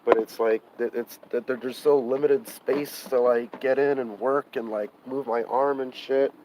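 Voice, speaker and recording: A sick man live-streaming from outdoors beside a car, swearing, sighing and venting his frustration, sounding hoarse and burnt out. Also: mid-range voice, fairly even intonation, unhurried, a little mellow, slight background noise, rough recording. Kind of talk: live-stream vlog, talking to chat.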